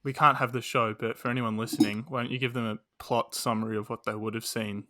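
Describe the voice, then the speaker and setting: Relaxed teenage boy podcast host. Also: medium pitch, fast. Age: teens. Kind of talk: casual podcast hosting.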